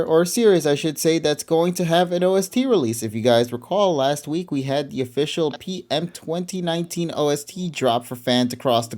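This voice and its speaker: A man hosting a casual podcast chat, relaxed and chatty, laughing often. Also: fairly high pitch. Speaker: podcast host.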